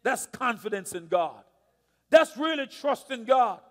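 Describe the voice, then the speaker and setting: A male pastor preaching a sermon, telling a story dramatically, dropping to a hush and then rising loud. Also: very high-pitched, expressive, a little slow. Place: church sanctuary. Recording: long church reverb.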